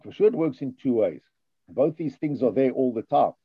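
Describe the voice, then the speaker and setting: Male Torah teacher, animated and husky, chatty class delivery, dry lo-fi recording. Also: medium pitch, moderate pace, no echo. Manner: lively, thinks aloud with many restarts and "yeah?" checks.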